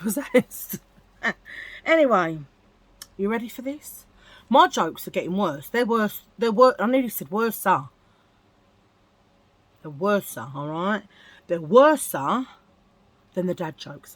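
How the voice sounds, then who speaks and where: A woman's voice: medium pitch, a bit bright, no echo. A woman chatting casually as a beauty vlogger, self-mocking and laughing at her own corny jokes. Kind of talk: casual get-ready-with-me chat.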